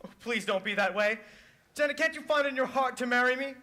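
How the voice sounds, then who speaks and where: A man's voice: extremely high pitch, fairly quick, sharp tone. A young man in a school musical playing an earnest, pleading groom. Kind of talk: high school musical stage acting.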